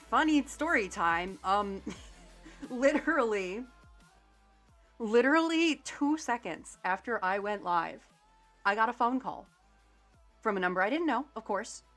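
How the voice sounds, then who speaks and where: A young adult woman livestreamer casually telling a story to her chat, animated and sarcastic, with some swearing. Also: mid-range voice, a little slow, long pauses, faint music behind.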